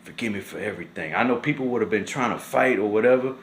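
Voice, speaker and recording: Upset young man. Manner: upset and indignant, repeats "man" often; drawn-out and low when shaken, rises sharply when angry. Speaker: vlogger. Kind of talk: emotional casual commentary to camera.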